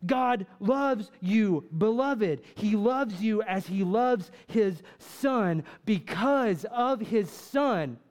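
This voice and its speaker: A man's voice: high-pitched, expressive, extremely slow, few pauses, a little mellow. A man preaching a fervent sermon to a church congregation, full of rhetorical questions and repeated "right?" asides. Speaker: pastor.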